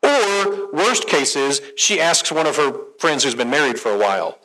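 A middle-aged therapist and conference speaker gives a conversational, animated talk on marriage to a live audience, asking them questions. His voice is a little high, he speaks at normal speed with few pauses, and the recording is rough.

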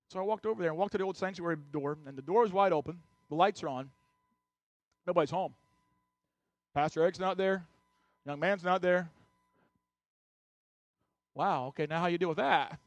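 A man with a notably high voice preaches from the pulpit. He tells a story first, then presses the congregation with urgent, repeated exhortations. The sound is close and dry. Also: a bit bright, dry recording. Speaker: pastor. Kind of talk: sermon with personal story.

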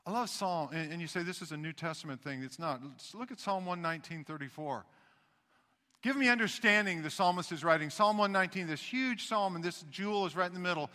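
A man preaching a sermon as pastor, talking conversationally and swinging between loud emphasis and hushed asides. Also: on the high side, fast, few pauses, in a large hall.

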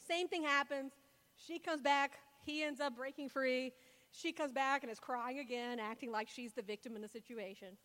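Chatty high-voiced woman preaching. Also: brisk. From Louisiana. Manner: chatty, storytelling, heavy with fillers. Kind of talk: casual Bible talk. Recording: long hall reverb.

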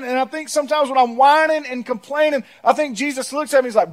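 High-voiced pastor preaching. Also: male voice, fast talker, hardly any pauses. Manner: preaching with call-and-response, humorous stories, swelling to shouts. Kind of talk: sermon. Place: church auditorium.

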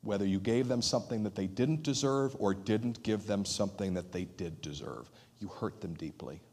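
A man preaching a sermon in an earnest manner, dropping to a hushed voice for emphasis and acting out quoted dialogue. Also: lowish voice, normal speed, husky. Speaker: pastor.

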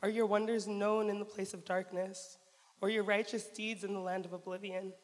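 A woman's voice: medium pitch, flat delivery, normal speed. A woman reading a psalm aloud with an earnest, pleading delivery. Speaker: volunteer reader. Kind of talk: dramatic scripture reading. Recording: reverberant hall.

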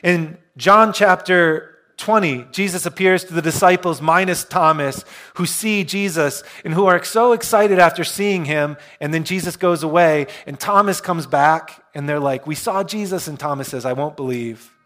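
A male pastor preaching a sermon, retelling scripture in a relaxed, storytelling way with self-deprecating humor. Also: on the high side, normal speed, few pauses.

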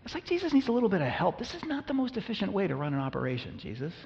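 A man's voice: sits high, huge pitch swings, very fast, gravelly, a little mellow. A male pastor preaching a conversational sermon, acting out biblical dialogue with humor. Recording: reverberant hall, dull lo-fi sound.

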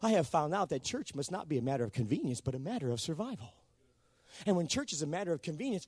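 A man preaches a lively sermon, his high voice leaping up and down as he calls on the congregation to answer. The sound is dry and close, with little room echo. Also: fast, breathy edge. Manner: animated, calls for responses from the congregation.

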